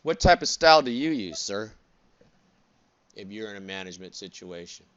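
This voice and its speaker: A man's voice: on the low side, expressive, normal speed, a bit bright, slight background noise. A man teaching a college class in a chatty, digressive way, tossing rhetorical "what?" and "right?" prompts at his students and adding joking asides. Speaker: college instructor. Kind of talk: classroom lecture. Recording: dull lo-fi classroom recording.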